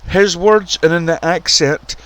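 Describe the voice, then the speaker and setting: A man giving casual, profane, excitable commentary on a wrestling video game and ranting about the roster. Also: on the high side, unhurried. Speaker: commentator and show runner.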